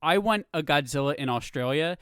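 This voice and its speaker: A man's voice: on the high side, lively intonation, brisk, a bit bright, clean tone, no echo, studio quality. A man co-hosting a podcast, chatting casually and animatedly with mock outrage and frequent laughter. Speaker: podcast co-host. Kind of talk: casual chat.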